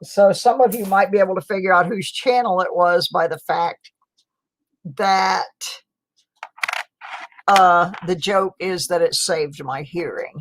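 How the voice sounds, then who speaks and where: Slow-talking woman chatting on her stream. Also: on the low side, low-quality recording. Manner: chatty, laughs often, talks to chat viewers. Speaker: channel host. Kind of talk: casual live-stream chat.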